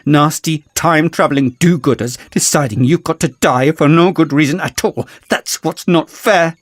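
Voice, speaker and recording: A man's voice: fairly high pitch, sing-song, moderate pace, dry recording, pitched above the performer's own voice. A man voicing a spiteful, boastful male villain who taunts his enemies in a sing-song way. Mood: gloating.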